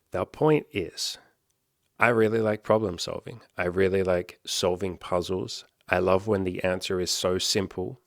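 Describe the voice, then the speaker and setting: A man's voice: sits low, dry recording, studio quality. A man, a self-help coach talking to his audience in a rambling, earnest monologue that is peppered with casual swearing.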